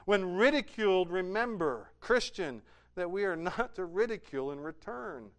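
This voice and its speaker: Smooth-voiced male preacher, emphatic and dynamic. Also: lively intonation, moderate pace. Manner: rising to emphatic peaks, then dropping to soft, low endings. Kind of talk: sermon.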